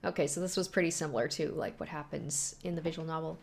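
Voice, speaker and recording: A woman's voice: sits low, fairly even intonation, quick pace, creaky, few pauses. A young woman hosting a reaction video, chatting casually and gushing about the story. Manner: gushing, chatty, many "like" fillers.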